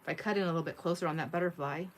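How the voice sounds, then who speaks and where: Chatty crafter woman, lowish voice. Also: rapid-fire, slight background noise. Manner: chatty, laughs often, reads chat aloud. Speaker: craft livestream host. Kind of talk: casual live-stream chat while crafting.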